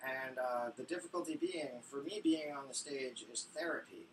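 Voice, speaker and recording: A man's voice: medium pitch, moderate pace. A man doing a stand-up set on a small stage, telling crude stories in a rambling way. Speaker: stand-up comic. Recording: far from mic, faint noise.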